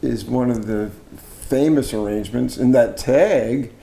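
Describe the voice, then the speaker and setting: Middle-aged man with a mellow tone in an echoey room. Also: mid-range voice, measured pace, vocal fry. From Canada. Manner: enthusiastic, admiring, chatty with restarts. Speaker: interviewer, barbershop arranger and judging chair. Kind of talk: casual interview.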